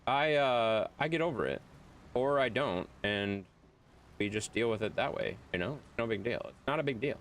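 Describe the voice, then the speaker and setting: A man's voice: mid-range voice, fairly quick, a bit bright, a little hiss or hum. A young man streaming a game, ranting bluntly and profanely to his chat. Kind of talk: casual live-stream chat while gaming.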